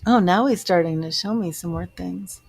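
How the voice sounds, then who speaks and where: A woman doing a live-stream psychic reading, halting and searching as she relays what she senses. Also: lowish voice, creaky, a little mellow, breathy edge, dry recording. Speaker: psychic medium.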